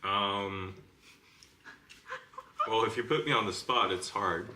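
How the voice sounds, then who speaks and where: A man's voice: on the low side, steady tone, takes it slowly, reverberant. A man hosting a podcast, teasing his guest in a playful, casual chat. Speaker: podcast host. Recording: noticeably noisy podcast audio.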